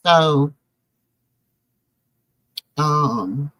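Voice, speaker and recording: A woman's voice: low voice, extremely slow, a bit bright, no echo. Middle-aged woman telling her story all heartfelt, preachy, says baby and y'all a lot, dry close sound. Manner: emotional, preacherly, calls listeners baby and y'all. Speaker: show host.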